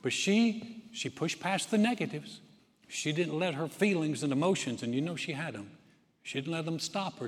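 A male pastor delivers a sermon with a fairly high voice, pushing hard on key lines and then easing back to near hushed tones. The room rings with a long, lingering reverb. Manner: dynamic preaching, surges loud then drops soft.

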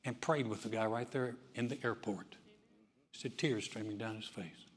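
A man's voice: lowish voice, moderate pace. A man preaching a sermon as pastor in a church, telling stories in a conversational way with frequent restarts. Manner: conversational storytelling with many restarts. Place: church sanctuary. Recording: long reverb of a church hall.

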